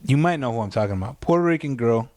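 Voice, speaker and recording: A man's voice: medium pitch, animated, very fast, darkish tone, no room sound. Blunt, joking young man, dry sound. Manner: laid-back, blunt, joking. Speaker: podcast co-host. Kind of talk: casual crude banter.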